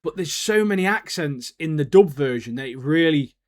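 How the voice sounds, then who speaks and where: Man, podcast co-host, slangy and excitable, voice sits on the high side. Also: normal speed. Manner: laughs often, slangy and excitable. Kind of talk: casual chat.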